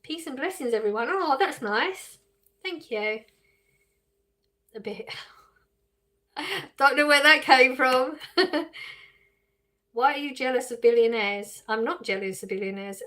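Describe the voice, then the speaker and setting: A woman's voice: fairly high pitch, normal speed, pushed and bright. An English woman live streaming, reading viewers' questions aloud and answering them casually with frequent laughs. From England. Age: adult with children.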